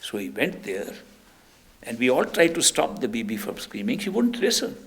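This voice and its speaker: Brief: older man, spiritual teacher, gravelly voice, mid pitch, emphatic storyteller. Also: very animated, normal speed.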